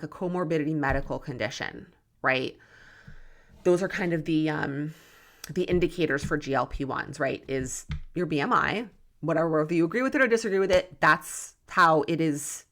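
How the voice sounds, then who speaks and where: A woman's voice: deep voice, a bit bright. A young adult woman hosting a solo podcast, talking in an emphatic, worked-up, tough-love way. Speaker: podcast host, nutrition coach. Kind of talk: passionate solo podcast talk.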